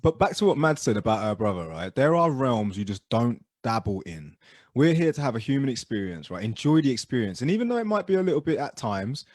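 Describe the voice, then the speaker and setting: A man telling stories as co-host of a casual podcast chat, animated and dropping low and quiet for asides. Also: a little fast, no echo, clean studio sound.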